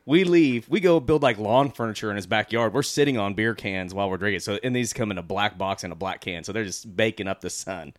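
A man's voice: lowish voice, a little fast, hardly any pauses, no room sound, studio quality. A man on a casual podcast telling a rambling anecdote about buying cheap beer, restarting his sentences as he goes. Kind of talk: casual chat, storytelling.

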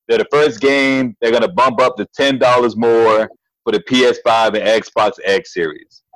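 A man co-hosting a casual gaming podcast over a tablet video call, talking in slangy, animated banter. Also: medium pitch, normal speed, dry recording, poor audio. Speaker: podcast co-host. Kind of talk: casual chat.

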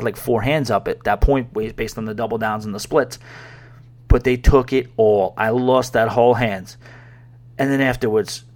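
Rambling male podcast host from New York. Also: mid-range voice. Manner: rambling, conversational, many fillers. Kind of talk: casual storytelling. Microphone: podcast microphone.

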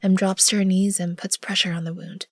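A woman narrating an audio drama in the first person, measured and often hushed. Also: mid-range voice, flat delivery, no echo, clean studio sound. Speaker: narrator and lead character.

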